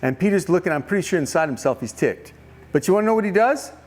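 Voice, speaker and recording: A man preaches to campers, acting out a Bible story and asking his listeners question after question. His voice sits high for a man. His delivery swings widely as he talks. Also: fast. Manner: animated storytelling, questions to the audience. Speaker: camp speaker. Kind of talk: youth camp sermon.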